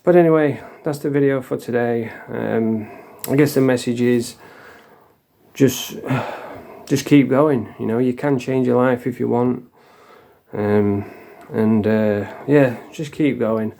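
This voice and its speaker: A man's voice: mid-range voice, steady tone, slow pace, creaky, dark tone. A middle-aged man from England telling his own story in a blunt, sweary, confessional way. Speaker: vlogger. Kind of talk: casual storytelling.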